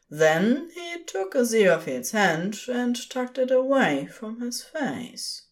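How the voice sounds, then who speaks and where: Gentle, slow female podfic narrator. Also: mid-range voice. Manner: gentle, expressive storytelling.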